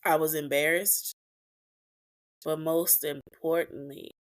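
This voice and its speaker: A woman's voice: sits low, a little slow, pauses often, a bit bright. A woman hosting a podcast, telling a personal story in a blunt, profane, emotional way with emphatic repetitions. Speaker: podcast host.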